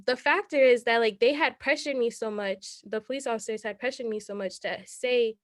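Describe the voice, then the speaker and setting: A woman's voice: on the high side, brisk, dry recording, studio quality. Young woman, earnest and rambling. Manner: earnest, rambling, laughs often. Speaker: city council candidate. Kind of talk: interview answers.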